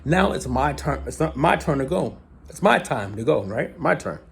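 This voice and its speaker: A man tells a story to his viewers in a casual monologue. His voice swings lively up and down as he dramatizes events. He keeps checking in with the listener by asking "right?". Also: medium pitch, normal speed, creaky. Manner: animated, repeats "right?" often, dramatic retelling. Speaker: vlogger.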